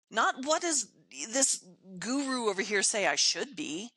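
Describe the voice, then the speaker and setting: An older woman, a podcast guest, telling stories in casual, animated chat, emphatic and quick to laugh. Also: mid-range voice, no echo. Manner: animated storyteller, acts out her own inner voice.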